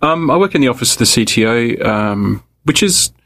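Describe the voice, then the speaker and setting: A man being interviewed as a podcast guest, explaining in a measured way. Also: medium pitch, expressive, fairly bright tone, dry recording.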